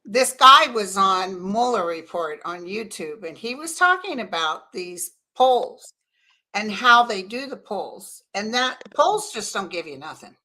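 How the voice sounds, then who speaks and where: Bright-voiced woman chatting casually. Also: mid-range voice, very animated, a little slow. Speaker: guest, psychic tarot reader. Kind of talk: casual chat.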